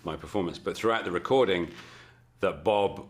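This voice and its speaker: An English man answering interview questions as a film actor, halting and repeating words as he thinks. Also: low voice.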